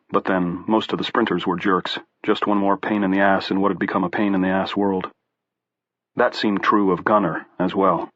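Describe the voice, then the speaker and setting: A man narrating a horror audiobook in a measured storytelling way. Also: lowish voice, a bit bright, no echo, lo-fi sound. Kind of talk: scripted narration.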